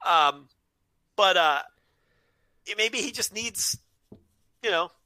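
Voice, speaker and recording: A man's voice: high voice, lively intonation, slow pace, sharp tone. A man co-hosting a casual podcast chat, laying out his case point by point. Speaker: podcast co-host.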